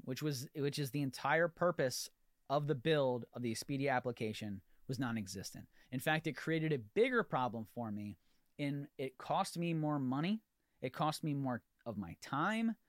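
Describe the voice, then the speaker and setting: A man's voice: mid-range voice, no echo, studio quality. Exasperated man ranting on a podcast. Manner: animated, exasperated storytelling with repeated restarts. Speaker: podcast host. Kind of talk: ranting solo podcast monologue.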